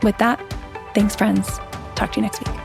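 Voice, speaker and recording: Earnest woman host, gravelly edge. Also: medium pitch, flat delivery, moderate pace, music in the background. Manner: earnest, reflective, upbeat. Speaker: podcast host. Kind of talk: casual podcast chat and outro.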